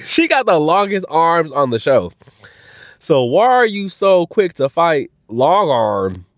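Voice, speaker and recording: A man casually recapping a reality show episode, animated and dramatic, with slang-heavy speech. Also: dry recording, clean studio sound. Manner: animated, dramatic, acts out quotes in high voices. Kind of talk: casual reaction commentary.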